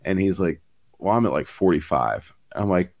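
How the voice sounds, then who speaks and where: A man's voice: deep voice, expressive, normal speed, darkish tone. A man telling a long casual story in a chat, full of fillers and swearing.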